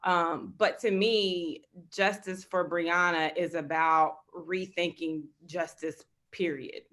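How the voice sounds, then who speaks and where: A woman from Kentucky with a fairly low voice speaks as a panelist in a discussion. She is earnest and direct, and she drops in dry sarcastic asides. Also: steady tone, takes it slowly, a bit bright.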